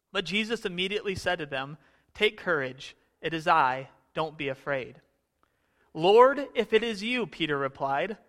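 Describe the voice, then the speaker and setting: A man preaching a sermon, reading scripture and then musing aloud in a relaxed, questioning way, sometimes acting out voices. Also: fairly high pitch, long reverb tail. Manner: conversational, questioning, acts out voices. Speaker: pastor.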